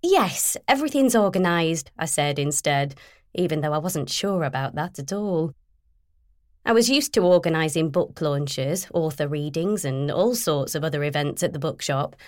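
A woman narrating a first-person novel in a measured, even storytelling manner. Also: sits low, dry recording, studio quality. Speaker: audiobook narrator.

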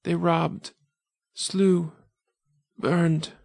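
A man's voice: on the high side, flat delivery, very slow, gravelly, a little mellow, no echo, clean studio sound, voice pushed up, heavily acted. A man voicing a frightened young village girl who is dying, speaking in weak, faltering gasps. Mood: gasping, pleading. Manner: gasping, faltering breaths. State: weak and fading. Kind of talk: audiobook character voice.

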